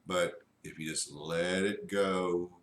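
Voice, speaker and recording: A man reviewing a cigar in a slow, halting way with many fillers. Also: deep voice, fairly even intonation, fairly bright tone, roomy sound. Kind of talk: casual review.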